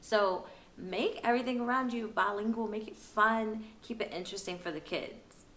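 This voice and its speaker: A woman's voice: mid-range voice, normal speed, fairly bright tone. A young woman giving parenting tips in a casual, upbeat vlog, chatty and laughing easily. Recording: roomy echo.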